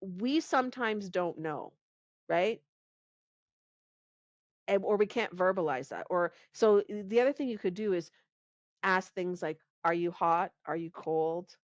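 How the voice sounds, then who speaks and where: A woman speaks in an easy conversational voice, animated and quick to laugh, often restarting her sentences as she goes. Her pitch sits in the middle range. The sound is dry and close, with no room echo. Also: highs cut off. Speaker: podcast guest, pain reduction coach. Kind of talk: conversational interview.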